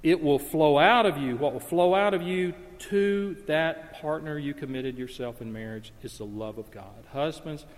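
A man pitched a little above the usual preaches a sermon from the pulpit. He moves between hushed, intimate storytelling and loud, impassioned emphasis. His voice carries a long reverb through a large hall. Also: normal speed, few pauses. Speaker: pastor.

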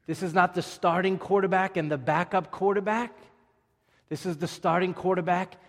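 A man preaching a sermon, telling stories with lively swings between quiet asides and loud emphasis. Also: on the high side. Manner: animated storytelling preacher, shifting from soft to loud. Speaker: pastor. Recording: long hall reverb.

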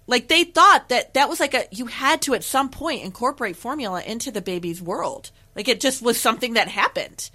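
A woman's voice: fairly high pitch, lively intonation, a little fast, few pauses, sharp tone. A young woman, a former peer counselor, chatting casually on a podcast, full of fillers and acted-out quotes.

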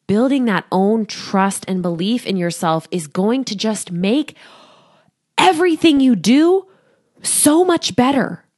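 Speaking into a studio mic, a thirtysomething coach runs her own solo podcast with lots of energy. She breaks into laughter frequently and acts out the voices she quotes, all at a medium pitch.

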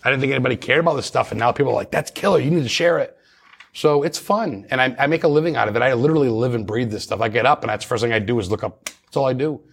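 A man's voice: medium pitch, rapid-fire, gravelly. A man talking as a paranormal investigator guest in a casual interview, chatty and rambling with many restarts.

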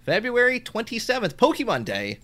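A man co-hosting a casual podcast, talking in a relaxed way with frequent ums and restarts. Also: extremely high pitch, fairly quick. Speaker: podcast co-host. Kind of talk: casual chat.

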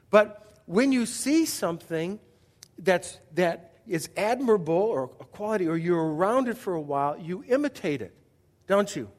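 A man's voice: high voice, lively intonation, moderate pace, a little mellow, in a large hall. A man pastor preaching a sermon in a conversational way, often asking the audience questions and restarting his sentences.

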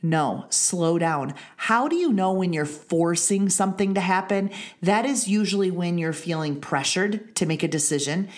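Earnest woman teaching devotionally, low voice. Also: moderate pace, few pauses, a little mellow. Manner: earnest, repeats key phrases for emphasis. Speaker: women's ministry leader.

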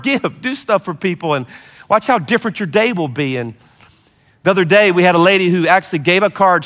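A middle-aged man, a pastor, preaching a sermon with lively storytelling and laughter, easing into a soft, slow prayer. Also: fairly high pitch. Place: large church hall.

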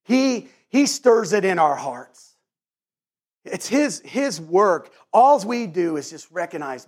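A male pastor delivers a sermon in a fairly high voice. He speaks earnestly, often stumbling and restarting his phrases as he gathers his thoughts. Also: big pitch swings. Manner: earnest, halting with many restarts and repeated words.

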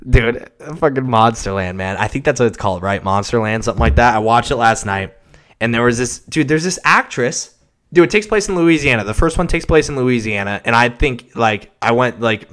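Rambling, profane man with a low voice. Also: clear, resonant tone. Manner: rambling, profane, swings from mumbling to shouting. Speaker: podcast host. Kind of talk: solo casual podcast rant. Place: home recording setup. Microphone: cheap mic without pop filter.

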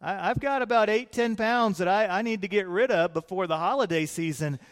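A man's voice: high voice, a little fast. A man preaching a sermon as a pastor, telling the story vividly and acting out the characters' lines. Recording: long hall reverb.

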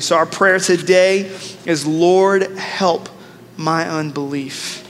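A man in his thirties preaching a sermon, energetic and joking, leading the congregation in call-and-response. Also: fairly high pitch, slow pace. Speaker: pastor. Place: large church sanctuary. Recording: long church reverb, faint noise.

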